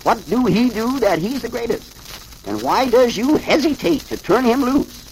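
A man putting on a shrill, bossy old hillbilly mother. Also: big pitch swings, moderate pace, darkish tone, a little hiss or hum, full character voice, poor audio. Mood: demanding.

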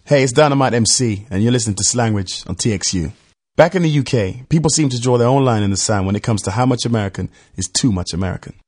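A British man presenting and narrating a radio feature in a measured, explanatory way. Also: medium pitch, darkish tone.

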